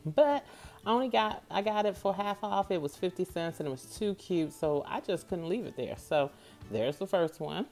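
A woman's voice: fairly low pitch, lively intonation, normal speed, a little mellow, soft background music. A woman vlogger chatting casually and directly to her viewers from home, staying off camera while she shows things. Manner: chatty, talks straight to viewers.

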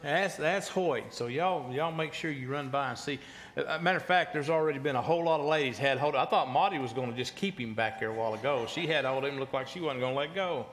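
A man's voice: mid-range voice, fast talker, fairly bright tone, slight background noise. A male pastor, preaching in a folksy way and often repeating words. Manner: folksy, repeats words while telling a story. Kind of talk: sermon with a joke.

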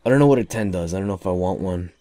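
A young man giving casual, excitable gameplay commentary, swearing often and talking to the characters on screen. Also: low voice, rapid-fire, no echo. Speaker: let's play gamer.

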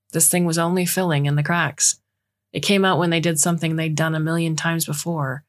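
A woman narrating a short story in a steady, measured way. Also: low-pitched.

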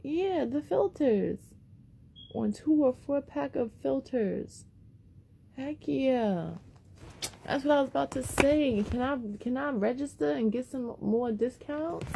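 A woman's voice: fairly high pitch, creaky, noisy background. A woman vlogger chatting casually and rambling to her viewers as she unboxes something, a little out of breath.

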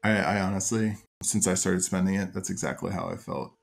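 A man, a podcast guest, talking casually and excitedly, swearing now and then, with lots of restarts. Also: sits low, brisk, vocal fry, slight background noise. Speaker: guest, software project co-founder.

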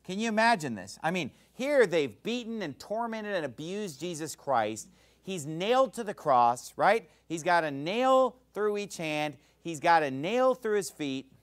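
A male Baptist preacher with a high, lively voice that leaps up and down as he presses his points. He preaches with force, breaking into shouted quotes before dropping back to his plain voice. His sermon delivery is emphatic and animated throughout. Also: measured pace.

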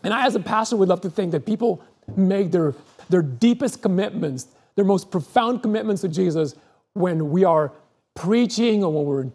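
A pastor delivers a sermon in a mellow, warm voice with a breathy, husky edge. The telling is earnest and unhurried in feeling. Words often repeat as a thought takes shape, which gives it a searching, heartfelt sound. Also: mid-range voice. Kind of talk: sermon with storytelling.

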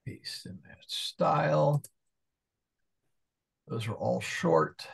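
Male Latin tutor, slow and gravelly, muttering asides mid-lesson. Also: a little high. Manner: thinks aloud, mumbling asides while searching. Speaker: Latin teacher. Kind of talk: casual online class. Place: church parish class over video call.

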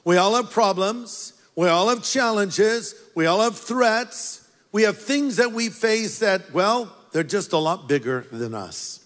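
High-voiced pastor preaching in a reverberant hall. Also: male voice, lively intonation, unhurried, fairly bright tone. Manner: storytelling preacher, playful asides to the congregation. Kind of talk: sermon.

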